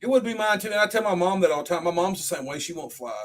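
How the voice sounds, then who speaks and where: A man's voice: high voice, very fast. A man co-hosting a podcast, telling stories in casual, profanity-laden chat. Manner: profane, animated storyteller. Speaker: podcast co-host.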